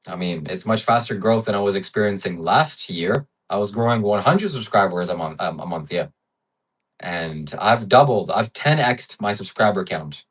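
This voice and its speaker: A man's voice: fairly low pitch, expressive, normal speed, fairly bright tone, husky, recorded from a distance. A man hosting a livestream, reading viewer donations in blunt, brash, profane casual chat. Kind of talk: casual live-stream chat.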